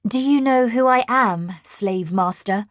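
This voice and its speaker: A woman's voice: fairly high pitch, unhurried, dry recording, clean studio sound, pitched above the performer's own voice, natural voice. A woman narrator voicing a confident young woman warrior who speaks firmly and questions sharply. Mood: commanding. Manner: firm, questioning.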